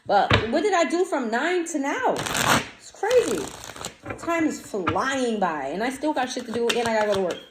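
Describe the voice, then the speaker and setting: A woman giving a casual tarot reading straight to her viewers, blunt and animated, swearing freely in slangy talk. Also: fairly high pitch, normal speed. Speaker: tarot reader. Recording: echoey room, faint noise.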